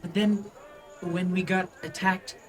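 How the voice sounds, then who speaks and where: A man voicing a timid, hopeful young boy in a bird mask in a tabletop game, speaking softly and haltingly. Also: high voice, flat delivery, pitched above the performer's own voice. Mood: earnest.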